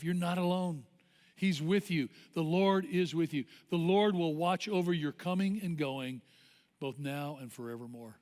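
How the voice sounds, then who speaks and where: High-voiced pastor in a reverberant church. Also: male voice. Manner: animated, conversational storytelling. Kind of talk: sermon. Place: church auditorium. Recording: long church hall reverb.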